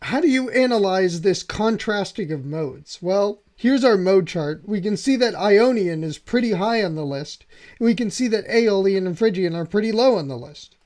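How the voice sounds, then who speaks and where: A man's voice: high voice, animated, moderate pace, darkish tone. Eager man explaining piano harmony. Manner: enthusiastic, keeps checking in with "right?". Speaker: piano channel host. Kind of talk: music theory lesson. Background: faint piano playing.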